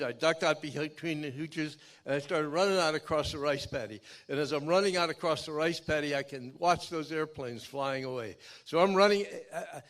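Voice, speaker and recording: Older guy, folksy keynote storyteller, voice sits a bit high, gets loud then real quiet. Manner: folksy, dramatic storytelling with big swings from loud to hushed. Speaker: keynote speaker. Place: outdoor memorial event.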